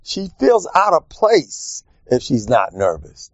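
Speaking slowly in a dull, dry lo-fi recording with no room sound, a rabbi delivers a funny Torah lecture. He jokes and teases while he teaches, animatedly acting out quotes in squeaky voices.

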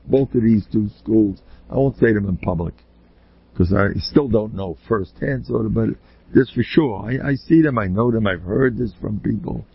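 A rabbi gives a blunt, emphatic Torah lecture packed with rhetorical questions, his husky voice often pushing up into high exclamations. The recording is dry, slightly dull, and lo-fi.

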